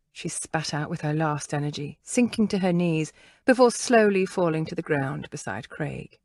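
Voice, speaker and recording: Woman narrator, audiobook reading, fairly low voice, dry close sound, measured and expressive. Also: dry recording. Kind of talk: scripted narration.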